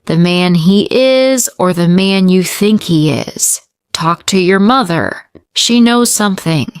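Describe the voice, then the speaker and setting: A woman's voice: on the low side, animated, slow, clear, resonant tone, no echo, clean studio sound. A woman voicing a frank, concerned female friend who asks blunt questions.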